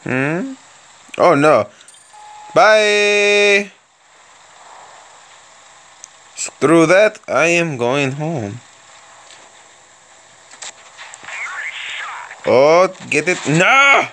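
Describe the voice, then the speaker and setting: A young man commenting on his tank battles in a put-on Russian accent that he clearly enjoys. He talks slowly and unhurriedly, but his pitch swings widely, jumping high on sudden excited outbursts. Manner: playful mock Russian accent put on throughout. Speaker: gaming video host. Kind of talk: gameplay commentary.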